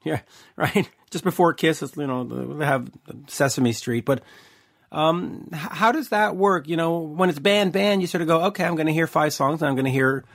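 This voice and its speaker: A man's voice: fairly high pitch, normal speed, gravelly. A man hosting a rock interview show, chatting casually with many filler restarts. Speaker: podcast host.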